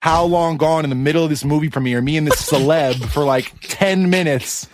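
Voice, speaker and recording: A man in his thirties, a music producer guest, telling casual anecdotes on a podcast in an animated, chatty way with quick asides. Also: fairly high pitch, slight background noise.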